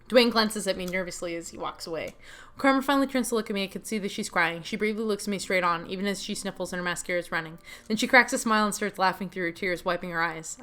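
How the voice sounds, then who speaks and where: A woman's voice: mid-range voice, quick pace, a bit bright. Young woman narrating her own game. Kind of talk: reading a visual novel aloud with commentary.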